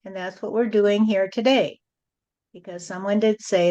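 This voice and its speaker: Woman channeler, mid-pitched voice, slow rhyming sermon cadence, dull lo-fi recording. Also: fairly even intonation, mellow. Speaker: spiritual channeler. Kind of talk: channeled spiritual message.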